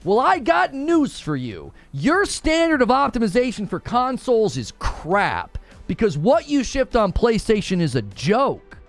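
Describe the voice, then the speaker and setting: A man rants in a heated, sarcastic gaming podcast. His voice sits high and swoops all over as he vents. The sound is dry and close, with faint music underneath. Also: wildly swooping pitch, measured pace, dry recording. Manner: exasperated, ranting, sarcastic. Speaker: gaming news co-host.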